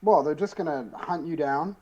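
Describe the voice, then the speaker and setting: A man's voice: fairly high pitch, normal speed, warm tone, muffled recording, a little hiss or hum. A man playing a character in a tabletop role-playing game, drawling and sarcastic. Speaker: player. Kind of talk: casual role-play as a player character.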